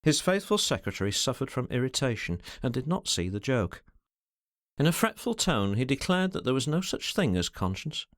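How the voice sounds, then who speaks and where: A man narrating a classic novel as an audiobook in a measured storytelling manner. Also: medium pitch, big pitch swings, a bit bright, no echo, clean studio sound.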